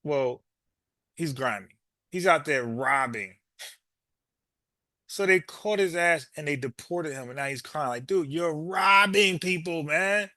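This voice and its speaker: A man's voice: mid-range voice, expressive, a little slow, long pauses, bright, forceful tone, no room sound, clean studio sound. A man hosting a reaction video, talking bluntly back at a news clip in casual commentary.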